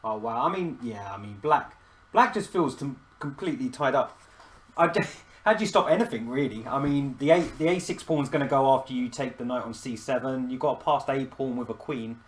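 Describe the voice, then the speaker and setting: A man's voice: medium pitch, a little fast. A man hosting a live chess stream, talking casually and self-deprecatingly, often laughing as he thinks aloud.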